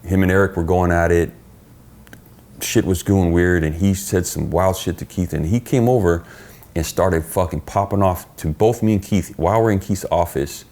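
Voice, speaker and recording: Deep gravelly middle-aged guy on a podcast, cussing, acting out all the dialogue in his stories. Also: moderate pace. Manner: profane, animated storyteller acting out quoted dialogue. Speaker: podcast guest. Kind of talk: casual storytelling chat.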